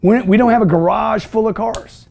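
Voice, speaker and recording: A man's voice: high-pitched, moderate pace, creaky, darkish tone. A middle-aged man hosting a call-in show, preaching about money in a brash, emphatic, repetitive way. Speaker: show host. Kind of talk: motivational call-in show talk.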